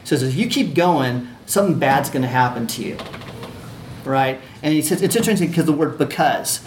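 A man's voice: mid-range voice, expressive, fairly quick. A man teaching a class on a religious allegory, talking conversationally, repeating phrases and checking in with his listeners. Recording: echoey room with faint ambient noise.

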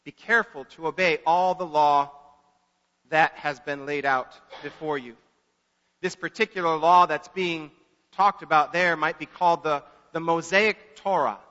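A pastor preaching a sermon in an earnest manner, repeating words for emphasis. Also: male voice, on the high side, steady tone, measured pace, bright, forceful tone. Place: church sanctuary. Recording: echoey church hall, dull lo-fi.

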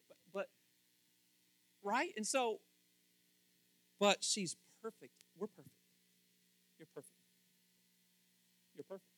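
A man preaching a lively sermon, swinging from hushed asides to loud excited bursts and laughing often. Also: fairly high pitch, no echo. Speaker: pastor.

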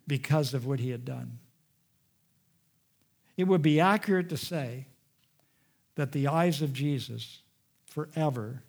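A man preaching a sermon, retelling a scripture story with dramatic swings from raised, urgent delivery to hushed, quiet passages. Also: on the high side. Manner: dramatic storytelling, rising loud and dropping hushed.

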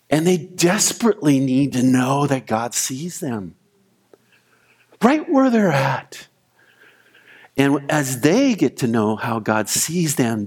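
A man's voice: mid-range voice, a little mellow. A man pastor delivering a sermon in a mid-range voice. He tells stories with animation and reads scripture aloud to his listeners. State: weeping, choked voice in retold prayer.

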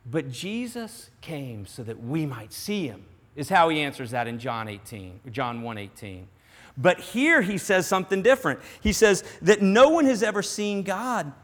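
A man preaching a sermon in earnest, dropping to a hush on some lines and rising to emphasis on others. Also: on the high side, sing-song, normal speed. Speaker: pastor. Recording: long hall reverb.

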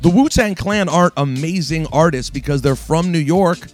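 A man with a slightly high voice hosts sports talk radio, ranting emphatically and speaking straight to his audience. Faint music sits behind him. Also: normal speed. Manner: emphatic, ranting, addresses listeners directly. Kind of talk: opinionated talk radio monologue.

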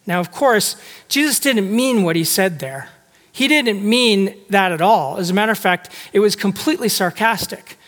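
A man's voice: high voice, expressive, moderate pace, a bit bright. A man preaching a sermon in a church, talking conversationally and putting rhetorical questions to the congregation. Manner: acts out quoted speech with shifting tone. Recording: long hall reverb.

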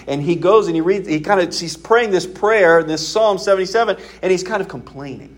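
A male pastor delivering a sermon in a fairly high voice. He talks in a conversational way but leans hard on key points and keeps asking his listeners questions. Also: moderate pace, few pauses. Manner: conversational, emphatic preaching with rhetorical questions.

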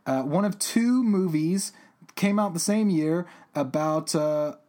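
A man's voice: a little high, slow pace, darkish tone. A man from New Mexico hosting a film podcast, talking in a rambling, casual way with lots of restarts. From New Mexico, USA. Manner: rambling, with many restarts and fillers. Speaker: podcast host.

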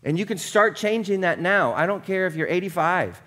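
A man preaching a conversational sermon, casual and chatty, often checking in with the congregation and dropping low and quiet for earnest points. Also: expressive, normal speed. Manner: casual and chatty, with frequent "like" and "right?". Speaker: pastor.

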